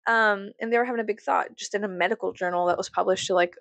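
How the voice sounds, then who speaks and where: A woman's voice: steady tone, quick pace, gravelly, dry recording. A woman venting in a casual, profane, rambling rant to her viewers. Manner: profane, rambling, self-mocking; swings between low musing and loud high exclamations. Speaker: vlogger.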